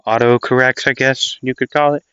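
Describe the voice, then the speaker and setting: A man's voice: medium pitch, level tone, moderate pace, a bit bright, clean tone, dry recording, close to an everyday voice. A man voicing a blunt young male hero in a fan-made audio story, laid-back and a little bewildered. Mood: rambling. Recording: dull lo-fi dry recording.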